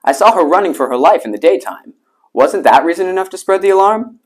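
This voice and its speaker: A man reading a picture book aloud, voicing a big male crow who shifts the blame in a raised, high voice. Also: lively intonation, quick pace, slightly rough. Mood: defensive. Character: big black male crow, blaming others.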